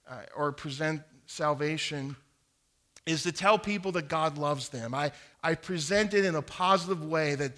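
With a slightly high, sharp voice, a middle-aged man earnestly instructs listeners on evangelism, quoting the King James Bible and tripping over repeated words whenever he opens a sentence.

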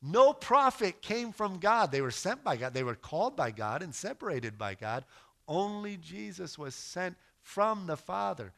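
A man's voice: sits high, very animated, unhurried, creaky, fairly bright tone. A man giving an earnest teaching sermon as a missionary preacher, emphatic and storytelling. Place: lives in West Africa.

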